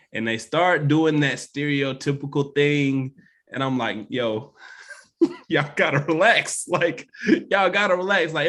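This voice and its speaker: A man co-hosting a podcast in casual chat, relaxed and chatty, lively as he tells a story. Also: mid-range voice. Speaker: podcast co-host.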